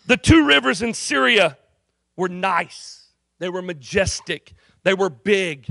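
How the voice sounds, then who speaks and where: A man's voice: sits high, slow pace, creaky, no echo, studio quality. A man preaching a sermon as a pastor in a university chapel, telling the story with jokes and acted-out voices. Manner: animated, jokey storytelling with voiced characters. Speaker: campus pastor.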